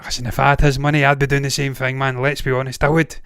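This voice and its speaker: A man's voice: mid-range voice, level tone, fast, fairly bright tone, smooth, no room sound, studio quality. A Glaswegian-accented Scottish man hosting a movie news show, ranting casually with blunt swearing and frequent digressions. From Scotland. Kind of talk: casual opinionated commentary.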